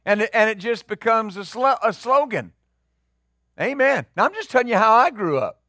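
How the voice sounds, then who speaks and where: A middle-aged male pastor preaching a sermon, conversational, rising into loud emphatic peaks. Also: sits high, very animated, moderate pace, no room sound, clean studio sound.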